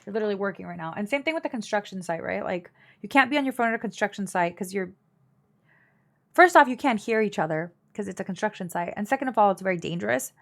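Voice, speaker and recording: A woman's voice: mid-range voice, animated, quick pace, creaky. Young woman streamer, casual and blunt, gossipy family storytelling for her live chat, full of fillers.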